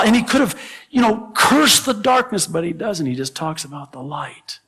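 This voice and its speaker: A man pastor teaching a verse-by-verse Bible sermon, animated, with sudden emphatic rises and chuckles at his own asides. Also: very high-pitched, brisk, breathy edge.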